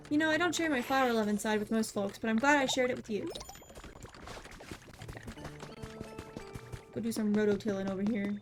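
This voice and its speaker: A woman's voice: a little high, brisk, pauses often. Chatty woman streamer with game music. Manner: chatty, coos at her cat in baby talk, swears casually. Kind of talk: casual livestream chat. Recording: game music playing underneath.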